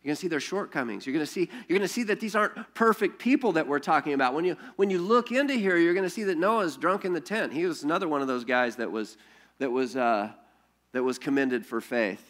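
Animated storytelling pastor, man. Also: fairly high pitch, quick pace. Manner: animated storytelling with frequent restarts and rhetorical questions. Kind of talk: sermon.

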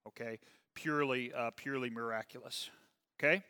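A man leading a Bible study class, talking casually with his group and often asking "okay?", and reading scripture slowly and with emphasis. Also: medium pitch, fairly even intonation, bright, forceful tone, smooth, long reverb tail. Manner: conversational, checks in with "okay?" often.

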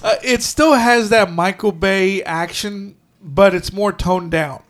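A man's voice: sits high, takes it slowly, a bit bright. A man co-hosting a podcast in casual chat, rambling with many restarts and quoting people in put-on voices. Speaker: podcast co-host.

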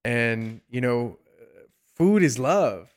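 A man hosts a casual interview, his voice smooth and resonant. He compliments his guest and talks in loose sentences full of fillers and repeated words. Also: medium pitch, animated, extremely slow. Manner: warm praise, frequent fillers and repeated words. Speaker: host.

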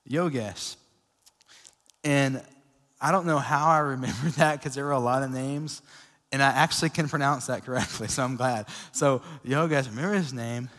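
A young man preaching a sermon as a pastor, telling a personal story in a casual, energetic way with lots of fillers. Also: mid-range voice, normal speed. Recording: long reverb of a church hall.

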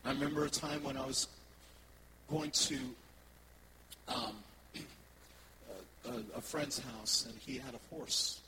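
A man, a worship pastor, preaching a sermon and telling personal stories in a conversational, animated way to his congregation. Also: mid-range voice, measured pace, long pauses, noisy background.

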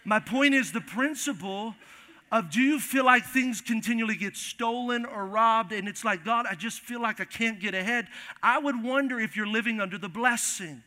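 Male pastor, high and piercingly bright, emphatic repeating preacher, church hall with long reverb. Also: moderate pace. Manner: emphatic, repeats phrases, addresses congregation directly. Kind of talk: sermon. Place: church sanctuary.

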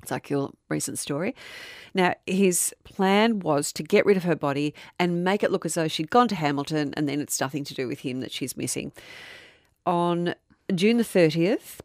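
A woman hosts a true crime podcast, laying out the case in relaxed, conversational storytelling. Her voice sits low, and the recording is close and dry, with no room sound. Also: no echo. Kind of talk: casual storytelling chat.

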